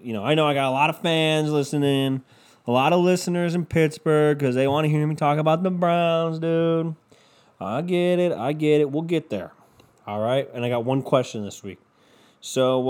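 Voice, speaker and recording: A man hosting a podcast, ranting casually with constant swearing and a loud, animated delivery. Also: medium pitch. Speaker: podcast host.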